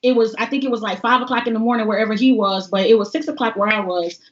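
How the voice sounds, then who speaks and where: A fairly high-pitched woman tells stories in a lively, laughing way as a guest on a livestream interview. The sound is a little dull and muffled, like streamed audio. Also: fast. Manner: animated, laughing storyteller. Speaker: voting organizer guest. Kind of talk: casual interview storytelling.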